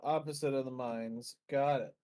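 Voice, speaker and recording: A man's voice: mid-range voice, fairly even intonation, moderate pace, dark tone. A man playing a tabletop game, polite and easygoing, sometimes speaking in character. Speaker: player.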